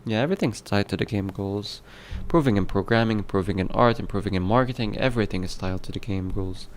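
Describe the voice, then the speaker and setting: A man with a fairly low, fast voice, an indie game developer, chats casually on a livestream, filling his talk with fillers and self-corrections.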